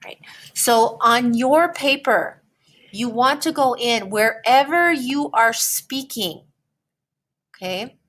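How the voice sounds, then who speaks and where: A woman teacher explaining a writing lesson in a slow, patient way, often checking in with "okay?". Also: on the high side, expressive, fairly bright tone.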